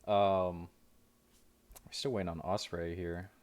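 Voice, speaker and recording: A man's voice: deep voice, flat delivery, slow, darkish tone. An American man casting an esports match, asking a player rambling questions with many restarts and jokes. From United States. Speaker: esports caster interviewing a player. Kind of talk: casual esports interview.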